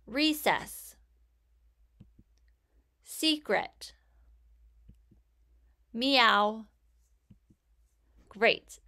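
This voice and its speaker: A woman's voice: medium pitch, fairly bright tone. A woman teaching a phonics lesson for children, reading words out one at a time and praising the listener. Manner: slow, clear, encouraging word-by-word reading.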